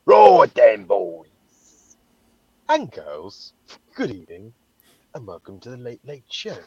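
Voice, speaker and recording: A man's voice: medium pitch, wildly swooping pitch, takes it slowly, a little mellow, husky. A man hosting a podcast over a phone call from his parked car, bantering casually and swearing freely. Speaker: podcast host. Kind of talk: casual chat. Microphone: phone call through car Bluetooth.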